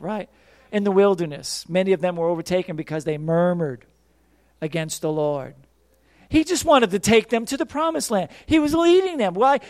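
A man preaching a sermon, fervent, swinging from quiet musings to shouted praise and acting out quoted voices. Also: high voice, no echo.

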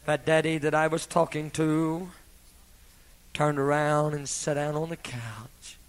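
A man preaching a sermon with dramatic swings between loud, impassioned peaks and hushed whispers. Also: on the high side, flat delivery, a little slow, smooth, poor audio.

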